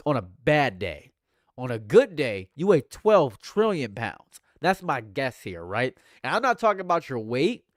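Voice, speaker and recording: A man streaming casual live commentary, ranting in mock outrage and swinging between mumbled asides and loud outbursts. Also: fairly high pitch, no room sound, clean studio sound.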